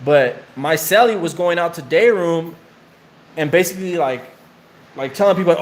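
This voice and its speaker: A man's voice: a little high, normal speed, slight background noise. A man casually telling rambling, profane prison stories in slang while his friend draws on him. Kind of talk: casual storytelling while getting tattooed.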